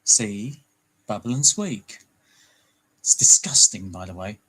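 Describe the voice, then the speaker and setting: A man's voice: on the low side, animated, takes it slowly, pushed and bright, poor audio. A British man chatting casually on a livestream, joking and laughing often. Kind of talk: casual chat.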